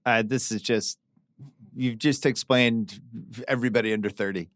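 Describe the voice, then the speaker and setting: A man's voice: mid-range voice, fairly even intonation, moderate pace, fairly bright tone, no room sound. A middle-aged man hosting a podcast, telling anecdotes in casual chat with dry, wry humor. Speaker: podcast host.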